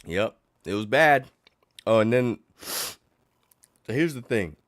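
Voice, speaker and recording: A middle-aged man, sick and coughing, ranting in a casual livestream chat, sarcastic and animated. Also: lowish voice, takes it slowly, no echo, studio quality. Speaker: livestream host.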